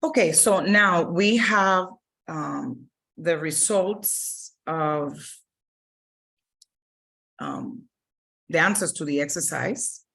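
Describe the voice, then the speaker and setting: A woman's voice: lowish voice, very slow, vocal fry, pauses often, a bit bright. A woman teaching Spanish grammar in a recorded lesson, explaining patiently step by step and often stopping to rephrase.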